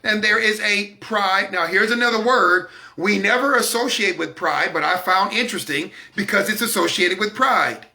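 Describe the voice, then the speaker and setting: Emphatic, bright-voiced man with gravelly edges. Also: sits high, moderate pace, hardly any pauses. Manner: emphatic, confident; repeats words when stressing a point. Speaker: broadcast host. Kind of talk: preaching-style talk.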